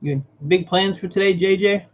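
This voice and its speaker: A man's voice: high voice, moderate pace, highs cut off. A man hosting a casual livestream, greeting viewers by name and muttering while he fixes his setup. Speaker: livestream host. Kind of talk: casual live-stream chat.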